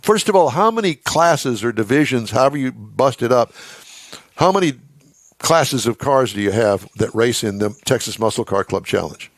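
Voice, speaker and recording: Radio host guy, middle pitch, chatty and wry, dry studio sound. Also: lively intonation, moderate pace, dry recording. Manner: chatty, reads news items aloud with wry asides. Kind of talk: casual on-air chat.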